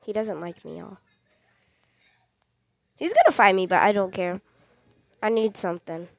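Speaking unhurriedly with vocal fry and no room sound, this young woman hosts a gaming channel. Her medium-pitched voice is very animated as she narrates gameplay excitedly, addresses her audience head-on, jumps at scares, and repeats short phrases over and over.

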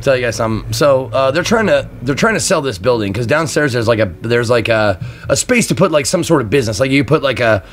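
Animated excitable male streamer. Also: medium pitch, fast talker, hardly any pauses, slight background noise. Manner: excitable, crude outbursts and shouting. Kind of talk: live gameplay commentary. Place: apartment room at home.

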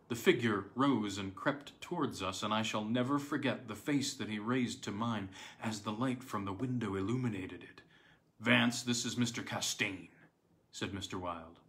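A man narrating an audiobook of a classic tale in a measured, dramatic way. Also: fairly low pitch, a bit bright. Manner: measured, dramatic storytelling with slight stumbles. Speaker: audiobook reader.

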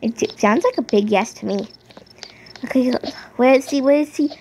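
A woman's voice: high-pitched, moderate pace, mellow, slight background noise, rough recording. A woman chatting and rambling as she narrates a game role-play.

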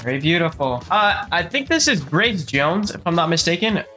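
A man's voice: on the high side, sing-song, moderate pace, sharp tone. A man giving casual, comedic movie commentary, profane and incredulous, his speech full of fillers. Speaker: movie reviewer.

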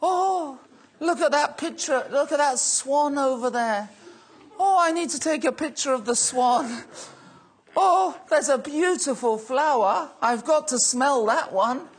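A man's voice: very high-pitched, moderate pace. A man voicing a dreamy, nature-loving young man on a walk, gushing over every flower and bird. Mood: delighted.

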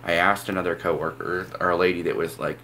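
A young vlogger with a very low, creaky, sharp voice tells a long personal story straight to camera at a quick, steady clip. He rambles and restarts, leaning heavily on "like" and "um," with a faint room hum underneath in this casual storytelling vlog.

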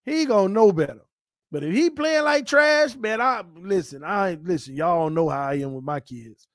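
A man's voice: high voice, lively intonation, normal speed, no echo, clean studio sound. Playful man hosting a sports livestream. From Florida. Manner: playful trash talk, laughing, reading chat aloud. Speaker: sports talk livestream host. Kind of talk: casual live-chat banter.

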